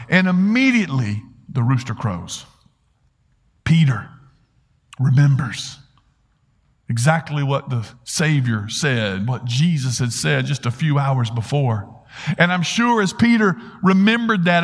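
A man's voice: fairly high pitch, lively intonation, measured pace. A man preaching a sermon, earnestly retelling a story and asking rhetorical questions. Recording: long hall reverb.

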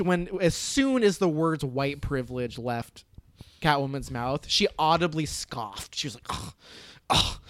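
A man's voice: a little high, a bit bright, no room sound. A man co-hosting a casual podcast chat, rambling with many fillers and casual swearing. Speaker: podcast co-host reviewing a film.

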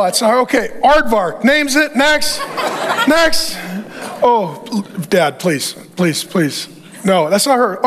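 A middle-aged male pastor with a very high voice, preaching with playful humor. He is animated and quick to act out characters in his stories. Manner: animated, joking, acts out quotes. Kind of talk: humorous sermon.

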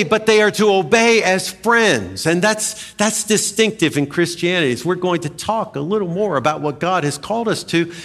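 A man preaching a sermon as a pastor, emphatic and animated, with dramatic swings in pitch. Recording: long hall reverb.

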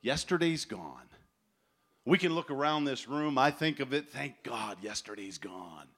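A man in his forties preaching a sermon at a festival, telling stories with animated acted-out voices. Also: medium pitch, measured pace. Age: 40s. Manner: animated storytelling, acts out voices. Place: large tent festival gathering.

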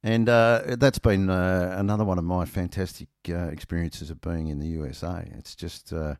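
A man's voice: sits low, steady tone, normal speed, darkish tone, dry recording, clean studio sound. A middle-aged Australian man telling a rambling, self-mocking anecdote in casual chat, full of ums and uhs.

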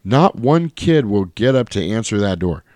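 A man with a fairly low voice talks through a movie in loose, casual chat. He tells it animatedly, jumping into the characters' lines as he goes. The room sounds dry and close. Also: moderate pace, no echo. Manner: animated storyteller, acts out quoted lines.

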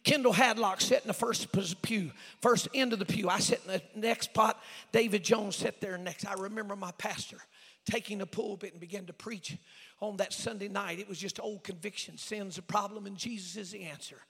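A high, bright-toned man preaching a revival sermon. His voice is gravelly and husky, shouting one moment and dropping to a near hush the next. A long church reverb trails every phrase. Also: fairly even intonation, moderate pace. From Oklahoma. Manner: swings from shouted exhortation to hushed storytelling. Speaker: evangelist. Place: church sanctuary.

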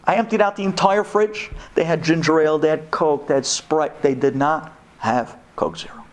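A rabbi telling a humorous personal story in a Torah talk, animated and acting out the dialogue. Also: male voice, fairly high pitch, moderate pace.

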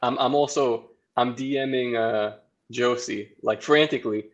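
A man of medium pitch chatting as a podcast guest. He cracks irreverent jokes in loose, casual banter. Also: measured pace, muffled recording. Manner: joking, irreverent.

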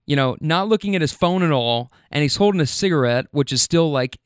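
A man working as a rideshare driver, telling stories in an animated way, swearing freely and using plenty of fillers. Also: a little high, a little fast, clean tone, no room sound, studio quality. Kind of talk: casual storytelling.

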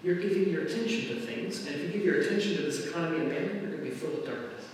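A pastor giving a conversational sermon to his congregation, his delivery swinging between loud emphasis and quiet asides. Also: fairly high pitch, very fast, a little hiss or hum. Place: church sanctuary. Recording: echoey hall, mic at a distance.

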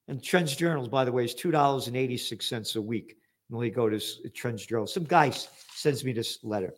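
An older man from the Bronx, hosting a news commentary show in a profane, combative manner that breaks into shouting. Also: fairly high pitch. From the Bronx, New York. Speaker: host of a trends news show.

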